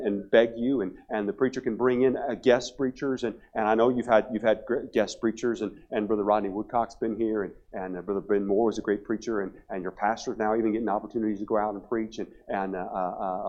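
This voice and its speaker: A man in his forties, a pastor preaching a revival sermon, joking and telling stories, then pressing his point loudly. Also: fairly low pitch, slightly rough, dull audio. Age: 40s. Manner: humorous storytelling, rising to loud emphatic preaching. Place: church sanctuary.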